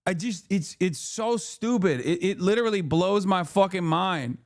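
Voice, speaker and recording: A man's voice: high-pitched, normal speed. A man in his thirties giving heated, profane political commentary on a live stream, firing off angry rhetorical questions.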